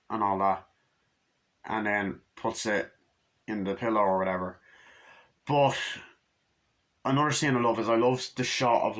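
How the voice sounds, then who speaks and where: A young man casually rambling through a movie review, excitable and full of swearing. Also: on the low side.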